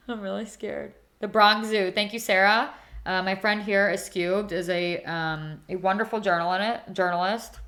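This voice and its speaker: A woman's voice: fairly low pitch, a bit bright. A young woman chatting casually to viewers while doing her skincare on a livestream, giggly and reacting to comments. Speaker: beauty livestream host.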